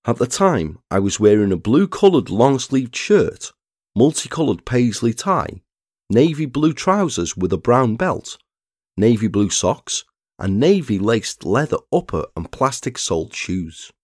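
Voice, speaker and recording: A man, narrating a true crime story in a measured scripted read. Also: mid-range voice, sing-song, darkish tone, no room sound, studio quality. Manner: measured, reads statements aloud plainly.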